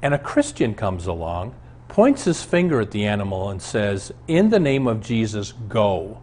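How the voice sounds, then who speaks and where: A man's voice: on the low side, sing-song, normal speed, a little mellow, slight background noise. Earnest man preaching a Bible lesson. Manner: earnest storytelling, emphatic. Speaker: pastor. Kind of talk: teaching sermon on a Bible show.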